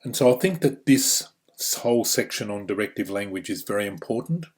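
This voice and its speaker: A fairly low-pitched Australian man leads a training course, explaining each point step by step. He talks through the material plainly and often drops in "you know" and "um" as he goes. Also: animated, brisk. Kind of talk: instructional course narration.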